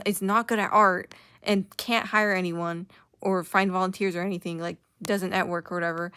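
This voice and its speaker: A woman's voice: medium pitch, fairly bright tone, dry recording. A young woman giving a sarcastic, casual commentary rant full of filler words. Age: young adult. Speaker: commentary YouTuber.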